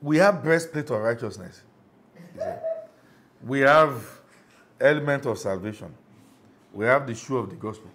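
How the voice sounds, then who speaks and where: A man's voice: medium pitch, measured pace, pauses often, fairly bright tone, slight background noise. A middle-aged Nigerian man preaching a sermon as pastor, emphatic, often asking the congregation if they follow.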